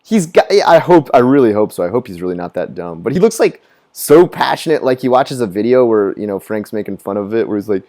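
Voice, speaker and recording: A man chatting on a live stream, rambling and profane, with a pitch that swings widely between low mutters and high bursts. He laughs at his own jokes and mocks other people in squeaky voices. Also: very animated, fairly quick, warm tone. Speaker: gaming streamer. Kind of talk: casual live-stream chat. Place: living in Japan.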